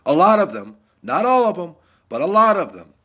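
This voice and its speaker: Middle-aged american guy, navy vet, ranting hard, slightly high voice, keeps repeating himself. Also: very animated, a little fast, sharp tone. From United States. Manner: heated, blunt, repeats his points. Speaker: Navy veteran vlogger. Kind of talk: angry political rant.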